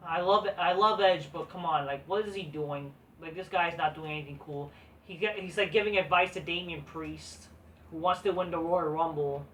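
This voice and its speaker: Profane ranting woman, off-mic. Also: on the low side. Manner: crude, profane, scornful ranting. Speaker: wrestling show reviewer. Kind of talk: ranting show review. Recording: voice distant from the mic.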